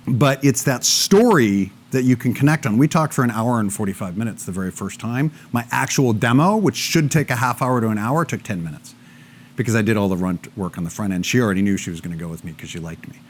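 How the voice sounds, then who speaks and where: A man's voice: on the low side, quick pace. A man speaking to a live audience, telling stories and acting out both sides of conversations. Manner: animated storytelling, acting out both sides of dialogues.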